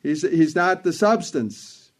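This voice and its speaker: A man's voice: fairly high pitch, expressive, slow. A man preaching a sermon in an earnest, emphatic way, repeating phrases for stress.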